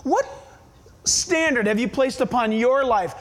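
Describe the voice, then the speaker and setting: A man with a strikingly high voice preaches a sermon. He presses each point hard and keeps throwing pointed questions at his congregation. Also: expressive, a little slow. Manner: emphatic, fires rhetorical questions at listeners. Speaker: pastor.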